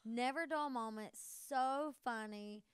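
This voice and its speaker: A woman in her thirties with a Southern US accent, a podcast guest chatting in a bubbly, gushing way with quick laughs. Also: a little high, clean tone, no room sound, clean studio sound. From American South. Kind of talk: casual interview chat.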